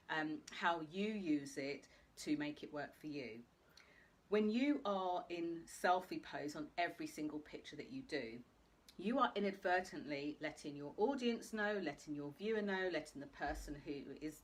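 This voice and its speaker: A woman's voice: deep voice, a little hiss or hum. A woman hosting a live video talk, speaking straight to her viewers in a chatty way. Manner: chatty, addresses viewers directly. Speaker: host.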